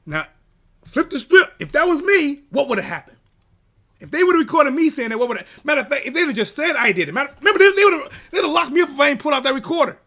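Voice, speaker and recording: A man hosting a boxing channel, telling a personal story in an animated, emphatic way and checking in with "right?". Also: very high voice, quick pace. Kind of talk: casual storytelling rant.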